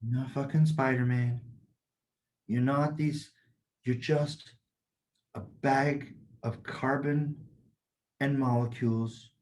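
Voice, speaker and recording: A man's voice: mid-range voice, steady tone, slow, long pauses, a little mellow. A man co-hosting a casual podcast as a Taoist teacher, talking bluntly, swearing freely and telling stories with energy. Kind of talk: casual chat.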